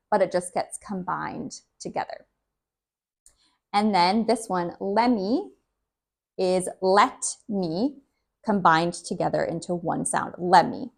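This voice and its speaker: Slow-speaking woman English teacher. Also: medium pitch, lively intonation. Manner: spells out examples, repeats phrases. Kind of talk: slow, clear teaching explanation.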